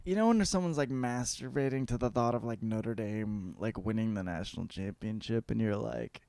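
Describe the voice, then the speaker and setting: Male podcast host, crude rambling comedy, gravelly voice, dry close mic. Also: on the low side, normal speed, no room sound. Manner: profane, rambling, animated riffing. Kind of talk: comedic book report.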